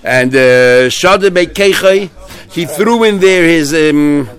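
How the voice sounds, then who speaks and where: Male Talmud teacher, slightly higher pitch, animated storyteller with frequent restarts. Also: slow pace. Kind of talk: Talmud class retelling stories.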